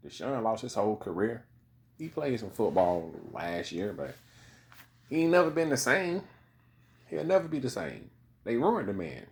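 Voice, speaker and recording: In a low voice, a man delivers a rambling, casual commentary monologue packed with swearing and repeated "you know what I mean" asides.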